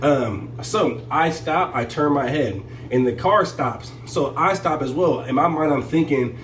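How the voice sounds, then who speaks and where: A man casually telling a story, animated and full of fillers and restarts. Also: medium pitch, normal speed, roomy sound, far from the mic, slight background noise, poor audio. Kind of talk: casual story time chat.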